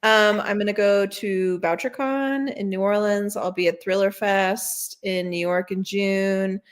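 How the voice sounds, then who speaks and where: A woman novelist talking about her debut book in a casual interview, chatty and self-deprecating, often jumping high when quoting her own thoughts. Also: fairly even intonation, a little slow, clear, resonant tone.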